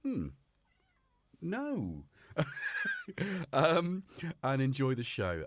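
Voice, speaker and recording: A British man hosts a relaxed live stream from his home studio. He chats and jokes his way through greetings to viewers, his voice rising and falling with lots of energy. The sound is close and dry. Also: mid-range voice, drawn-out words, long pauses, no room sound. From United Kingdom. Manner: chatty and jokey, greets viewers by name. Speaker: host. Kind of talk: casual live-stream chat. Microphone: headphones on, studio mic.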